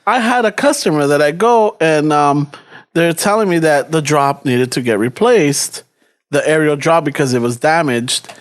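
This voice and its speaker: A man with a Chicano English accent and a high voice spins a casual story for his podcast co-hosts. He acts out each side of the dialogue and swears freely, with Spanish slang mixed in. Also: normal speed. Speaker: podcast co-host. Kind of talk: casual chat.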